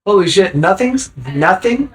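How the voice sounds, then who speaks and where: A man's voice: sits high, very animated, unhurried, rough recording. A man chatting casually as a podcast guest, tipsy from drinking, rambling and emphatic, swearing freely. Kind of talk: casual chat.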